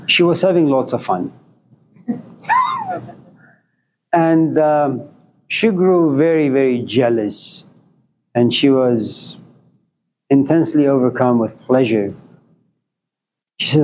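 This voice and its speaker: A man giving a storytelling lecture to a class, wry and joking, in an unhurried way. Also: mid-range voice, a little mellow, a little hiss or hum. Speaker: philosophy lecturer.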